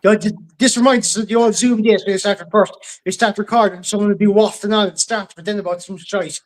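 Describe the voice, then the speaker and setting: A man's voice: high-pitched, fairly even intonation, fast talker, low-quality recording. An Irish man hosting a podcast in casual chat, joking and bantering with his guests. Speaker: podcast host.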